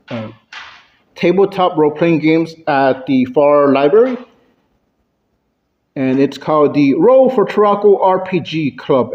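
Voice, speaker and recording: A man delivering a prepared club speech, playing with his pitch and loudness for effect. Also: muffled recording. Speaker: Toastmasters club speaker. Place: club meeting room.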